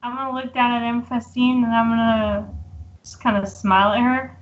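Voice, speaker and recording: Woman player, slightly high, casual play-by-play, lo-fi sound. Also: level tone, brisk. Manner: describing actions step by step.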